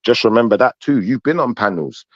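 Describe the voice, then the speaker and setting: A man's voice: mid-range voice, animated, brisk, dry recording, highs cut off. A man hosting a live podcast panel who argues hard, cuts in and keeps pressing his point. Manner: argumentative, insistent, cuts in. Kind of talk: heated live panel debate.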